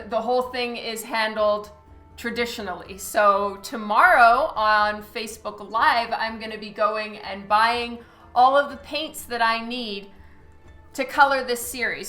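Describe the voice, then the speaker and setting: A woman comic artist chats through a live drawing stream, thanking viewers by name and filling pauses with ums. Her voice is bright and a little high. The room around her echoes, and soft music plays underneath. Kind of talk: casual live-stream chat while drawing. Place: studio at a light table. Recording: roomy echo with faint music.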